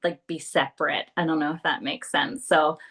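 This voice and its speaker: Woman podcast cohost, sincere and encouraging, lowish voice. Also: steady tone, moderate pace, fairly bright tone, breathy edge. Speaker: podcast co-host. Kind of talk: casual spiritual chat.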